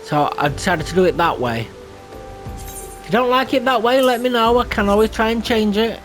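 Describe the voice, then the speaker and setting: A man's voice: high voice, expressive, normal speed, a bit bright. A man chatting casually over gameplay as a channel host, self-deprecating and prone to laughing at himself. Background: faint game music.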